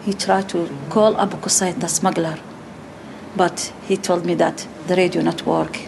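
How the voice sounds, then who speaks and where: Low-voiced woman recounting in halting English. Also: steady tone, vocal fry, noisy background. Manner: halting non-native English in short phrases. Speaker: survivor giving testimony. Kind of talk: personal testimony.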